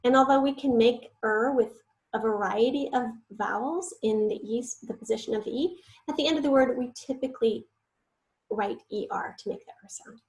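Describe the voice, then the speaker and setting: A woman's voice: on the high side, normal speed, a little mellow, poor audio. A woman teacher giving an online spelling lesson, patiently sounding out words syllable by syllable and sometimes whispering the letters.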